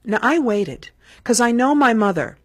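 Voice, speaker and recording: A woman telling a spoken family anecdote in an animated, comic way. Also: a little high, normal speed, dry recording. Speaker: storyteller.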